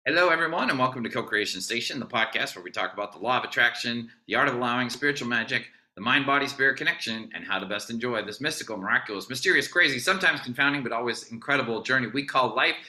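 A man hosting a podcast, enthusiastic and quick to tell a story and laugh. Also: medium pitch, sharp tone. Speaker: podcast host. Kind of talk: casual podcast chat.

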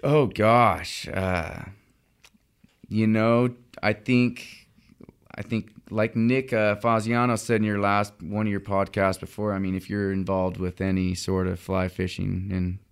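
A man's voice: fairly low pitch, level tone, unhurried, clear, resonant tone. A young man, a fly fishing guide, chatting casually on a podcast with lots of fillers and restarts.

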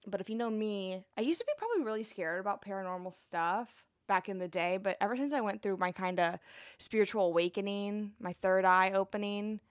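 A woman's voice: medium pitch, a little fast, no echo, clean studio sound. A young woman hosting a podcast, a nurse chatting casually with a rambling, playful manner and lots of asides. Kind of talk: casual chat.

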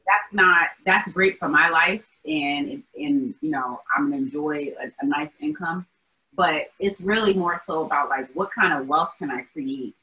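Low-voiced bright woman guest. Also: expressive, a little slow, poor audio. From Albany, New York. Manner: thoughtful, earnest, with many restarts. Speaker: interview guest, founder. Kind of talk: casual interview chat.

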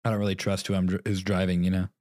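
A young man with a fairly low voice rambles through a story, chuckling and mimicking the people in it. The sound is dry and close to the mic, with no room around him. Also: monotone, very fast, darkish tone, no room sound. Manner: rambling storytelling, acts out both sides of conversations, laughs often. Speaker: podcast co-host. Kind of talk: casual chat.

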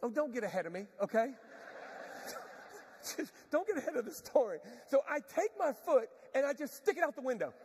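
A pastor telling a self-mocking story in a sermon, animated and laughing often. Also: male voice, extremely high pitch, brisk, slight background noise. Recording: long reverb of a large hall.

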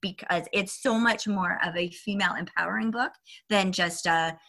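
A young woman hosts a podcast with a bright, forceful edge to her voice. She chats about a book in a candid, giggly way, tossing off breezy asides before reading passages aloud. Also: fairly low pitch, moderate pace, gravelly. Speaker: podcast host.

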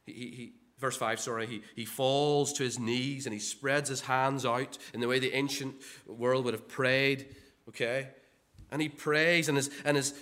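A man's voice: medium pitch, sharp tone. A man preaching a sermon in a conversational way, often repeating words and asking rhetorical questions.

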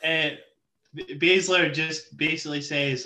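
A co-host chats about wrestling in a relaxed, laughing way. He speaks slowly, but his voice is bright and bouncy. It rises a little above the usual male pitch. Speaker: podcast co-host. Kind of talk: casual chat.

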